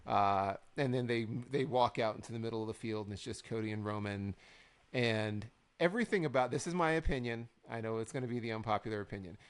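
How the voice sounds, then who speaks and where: Dude cohosting a podcast, rambles along, kinda wry, does goofy dramatic quotes. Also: male voice, on the low side, fast talker, clear, resonant tone. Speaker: podcast co-host. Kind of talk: casual recap chat.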